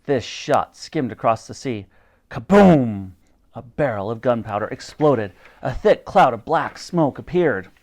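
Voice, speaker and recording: A man reading a children's adventure book aloud, animated and switching between character voices. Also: medium pitch, a little slow, few pauses. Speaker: storyteller.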